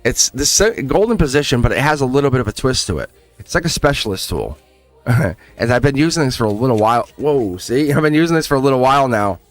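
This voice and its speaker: A man's voice: medium pitch, fast, no echo, soft background music. A man reading tarot on a live stream, chatting casually and addressing viewers directly with frequent laughs. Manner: animated, chatty, laughs often, talks straight to viewers.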